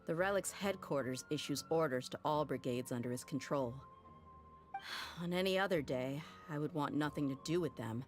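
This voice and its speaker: A woman's voice: deep voice, normal speed, lightly acted. An actress playing a tough young woman who leads a desert mercenary band, blunt and matter-of-fact. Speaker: game character in a played cutscene. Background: faint game music.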